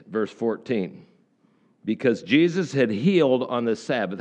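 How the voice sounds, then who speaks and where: A man's voice: medium pitch, animated, unhurried, muffled recording. A middle-aged male pastor giving a conversational sermon, folksy and full of questions to the congregation.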